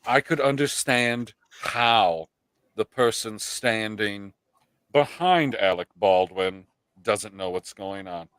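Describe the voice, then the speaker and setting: A man's voice: fairly low pitch, slow pace, a bit bright, smooth, dry recording, clean studio sound. A man hosting a casual live-stream chat, ranting in exasperation and swearing constantly. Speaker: podcast host.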